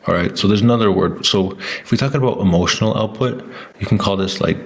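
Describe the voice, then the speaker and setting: A man's voice: lowish voice, fast talker, breathy edge. A man talking casually to camera in a rambling way, with many restarts and fillers. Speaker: vlogger.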